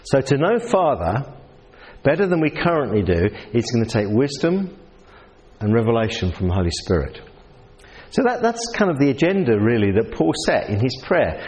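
In a reverberant hall, a man with a New Zealand accent preaches a conversational sermon, putting questions to his audience. His mid-range voice is sing-song and a little mellow, delivered at normal speed.

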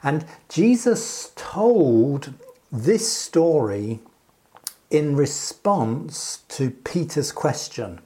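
Guy giving a sermon, soft mellow tone, takes his time, little restarts here and there. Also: a little high, animated. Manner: measured, unhurried, with pauses and restarts. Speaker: preacher. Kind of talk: sermon with scripture reading.

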